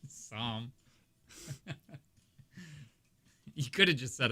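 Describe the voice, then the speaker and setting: A man's voice: mid-range voice, very animated, measured pace, fairly bright tone. A man hosting a morning radio show, joking and laughing often through rambling casual banter in a studio. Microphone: studio microphone.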